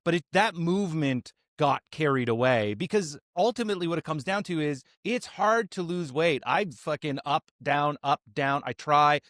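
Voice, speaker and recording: A man's voice: fairly high pitch, no echo, studio quality. Blunt, easygoing man hosting a podcast. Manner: relaxed, blunt, swears casually. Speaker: podcast host. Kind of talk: casual podcast chat.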